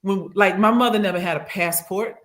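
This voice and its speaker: A woman recounting a personal trip in casual podcast chat, animated and acting out what others said, on a studio microphone. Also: medium pitch, fairly quick. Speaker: regular co-host and guest.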